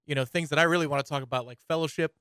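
A man's voice: on the high side, steady tone, racing, pushed and bright, smooth, no echo, clean studio sound. A radio co-host playing a cheery, awkward male party guest who rambles about good times. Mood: forced cheer. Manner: chatty, rambling.

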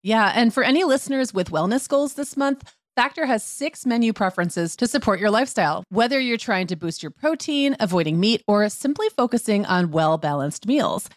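A woman's voice: fairly high pitch, expressive, a little fast, hardly any pauses, no echo, clean studio sound. A woman co-hosting a parenting podcast, chatting playfully and reading ads. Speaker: podcast co-host. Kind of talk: casual chat and ad reads.

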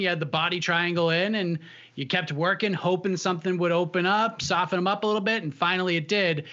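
A man with a bright, forward voice conducts a casual interview. He recaps events in a chatty way before he gets to his long questions. His voice sits a bit high, and the sound is dull and lo-fi.

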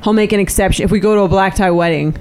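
A woman's voice: mid-range voice, darkish tone. A woman in casual chat, teasing and asking pointed questions. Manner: teasing, questioning, quick reactions.

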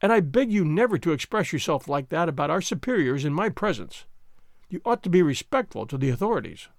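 A man's voice: on the high side, sing-song, fairly quick, vocal fry, no echo, clean studio sound. A man voicing a fussy, anxious middle-aged schoolmaster who talks in a prim, mournful way. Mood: offended.

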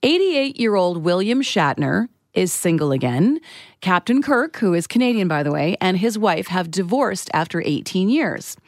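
A woman co-hosting a morning radio show, reading news and celebrity headlines in a brisk, wry way. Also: on the low side, big pitch swings, darkish tone, no room sound, studio quality. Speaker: news and trending segment co-host.

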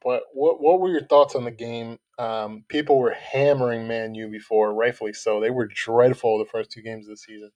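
A man co-hosting a casual soccer podcast, giving animated, profane opinions. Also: medium pitch, normal speed, hardly any pauses, lo-fi sound. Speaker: podcast co-host. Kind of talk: casual sports podcast chat.

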